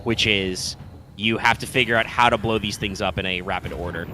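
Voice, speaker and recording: A man's voice: fairly low pitch, steady tone, fairly quick, background noise. A man co-hosting a live gaming stream, chatting casually and rambling with lots of fillers, restarts and swearing. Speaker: co-host.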